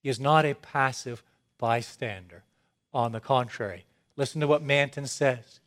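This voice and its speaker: A man preaching a sermon, moving from low, measured statements to excited, emphatic declarations. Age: adult with young children.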